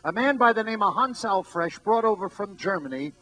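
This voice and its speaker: Older emcee guy on stage, bright high voice, big theatrical storytelling. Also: animated, brisk. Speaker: master of ceremonies. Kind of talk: live stage showmanship. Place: stage before a live audience.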